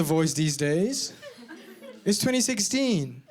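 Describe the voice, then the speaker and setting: A man performing a stand-up comedy set, animated and bursting into shouted punchlines. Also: on the high side, measured pace, noisy background. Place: comedy venue with a live audience.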